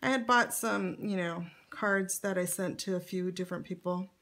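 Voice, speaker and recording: A woman's voice: on the low side, moderate pace, gravelly, fairly bright tone. A middle-aged woman chatting casually as she pages through her scrapbook, with lots of fillers and light laughs. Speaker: scrapbook vlogger. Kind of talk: casual show-and-tell narration.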